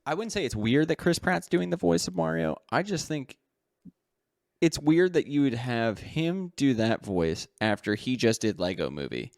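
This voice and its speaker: Speaking at a normal pace in a sing-song, medium-pitched voice, this male co-host rambles through casual podcast chat. He often laughs and corrects himself mid-thought, in a studio-quality recording with no echo.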